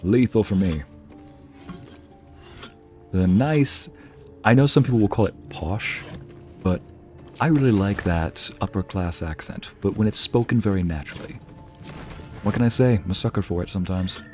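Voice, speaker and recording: A man with a fairly low voice chats casually with his viewers while he plays, musing aloud and reading their messages as they come in. Soft game music runs faintly under his talk. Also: moderate pace, long pauses. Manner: chatty, muses aloud and reads out chat. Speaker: streamer playing a game. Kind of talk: casual live-stream chat.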